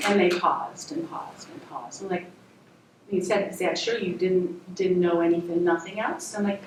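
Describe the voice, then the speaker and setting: A woman storyteller at an open mic, telling a personal story with animated delivery, acting out voices and laughing often. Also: medium pitch, measured pace, noisy background. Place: university lounge before a live audience. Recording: echoey room recorded from far off.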